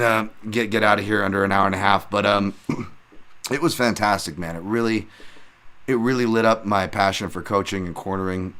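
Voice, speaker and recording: A man with a fairly low voice hosts a casual solo podcast, talking through fight results in a loose, rambling way. He keeps up a steady stream of fillers and restarts. When he retells a story, he acts out the excited shouts. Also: clean tone. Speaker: podcast host and MMA analyst.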